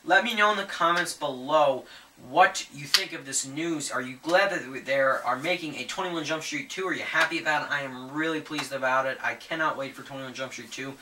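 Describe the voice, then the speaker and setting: A man's voice: medium pitch, a little fast, far from the mic. A man vlogging casual movie news commentary, rambling with many fillers and restarts, enthusiastic. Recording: echoey room, voice set back from the mic, faint ambient noise.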